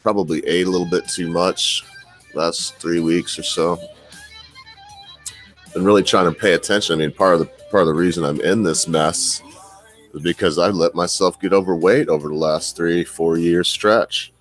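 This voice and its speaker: A man's voice: low voice, fairly even intonation, moderate pace, faint music behind, rough recording. A middle-aged man casually telling his viewers a rambling, self-deprecating story, laughing often. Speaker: vlogger.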